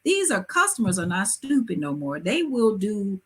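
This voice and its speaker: Husky woman hosting a lively talk show. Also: medium pitch, moderate pace. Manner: lively, preachy advice with emphatic asides. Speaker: host. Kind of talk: live-stream talk show chat.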